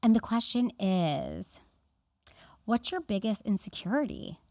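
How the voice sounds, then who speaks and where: A woman from Florida hosting a casual podcast chat, bubbly and quick to agree. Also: mid-range voice, lively intonation, vocal fry, a little mellow, dry recording, studio quality. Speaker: podcast host.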